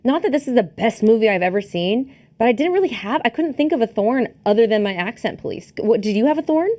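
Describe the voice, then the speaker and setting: A woman's voice: a little high, lively intonation, quick pace, mellow. Female co-host, hesitant giggly delivery, casual movie chat. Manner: hesitant, laughs often, many fillers. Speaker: podcast co-host.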